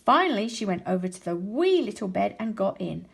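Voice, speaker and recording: Expressive woman teacher reading a storybook. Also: mid-range voice, creaky, breathy edge. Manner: expressive, slows for emphasis. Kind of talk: storybook read-aloud.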